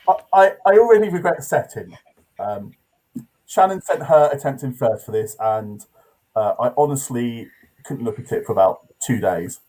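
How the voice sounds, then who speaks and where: A man's voice: medium pitch, expressive, unhurried, pauses often, a little mellow, low-quality recording. A man hosting an improv comedy game show, hesitant and full of filler sounds as he sets the tasks and hands out points.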